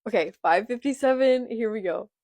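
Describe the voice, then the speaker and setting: In a laid-back reaction video shot on a phone held in portrait, a young vlogger reads manga dialogue aloud and comments between lines. She speaks a little fast, in a fairly high, slightly mellow voice, with no room sound.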